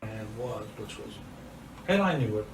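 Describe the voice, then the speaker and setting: A man's voice: on the low side, expressive, unhurried, creaky, slight background noise. An older man being confronted, speaking hesitantly and stumbling over repeated words. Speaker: man confronted in a sting video. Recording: roomy distant audio with faint ambience.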